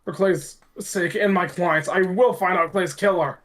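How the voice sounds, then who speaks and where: A streamer reading a courtroom game's dialogue aloud with lively delivery. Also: medium pitch, a little slow, a little hiss or hum. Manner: lively, laughing, expressive. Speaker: game streamer.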